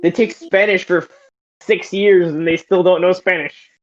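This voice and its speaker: A laid-back guest offers wry comments in a relaxed group chat. The audio is dull and lo-fi like a call recording. The voice sits at an average pitch. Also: measured pace. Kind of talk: casual chat on a video call.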